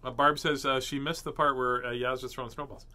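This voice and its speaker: A man's voice: mid-range voice, little pitch movement, fairly quick, sharp tone. A man hosting a casual storytime, joking around and playfully teasing between picture book pages. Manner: joking, playful, lots of fillers. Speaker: host reading picture books aloud.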